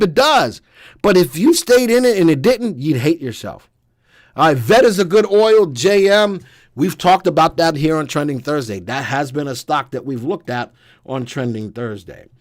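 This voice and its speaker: A man hosting a live stock analysis webcast, walking viewers through charts with energetic, folksy commentary. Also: fairly high pitch, no room sound, clean studio sound. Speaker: stock market analysis host.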